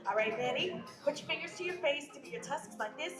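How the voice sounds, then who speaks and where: A very high-voiced woman hosting an outdoor park show, teasing and joking with the crowd in lively swoops of pitch. Her voice echoes through a sound system with music underneath. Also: fairly quick. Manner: playful, sassy, laughing crowd banter. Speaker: theme park show host. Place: outdoor theme park stage.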